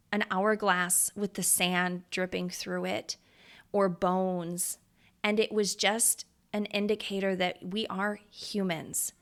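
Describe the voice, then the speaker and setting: A woman in her thirties hosts a motivational podcast and speaks straight to her listeners. She is earnest and confiding, and she turns emotional. Her pitch sits in a medium range. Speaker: podcast host.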